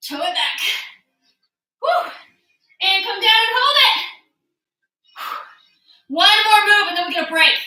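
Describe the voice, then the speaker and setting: An out-of-breath woman leads a workout class with a very high, bright voice, cheering and whooping her class along. She sounds set back from the mic in a very echoey room. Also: a little slow, long pauses, far from the mic. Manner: energetic, encouraging, frequent whoops and cheers. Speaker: fitness instructor.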